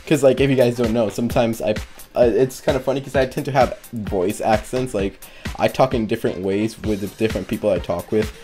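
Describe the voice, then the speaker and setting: A teenage boy at a middle pitch tells a casual story to his viewers. He rambles and keeps correcting himself, and faint music plays underneath. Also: fairly even intonation, a little fast, mellow. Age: teens. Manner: rambling, self-correcting, laughs while telling. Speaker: YouTuber.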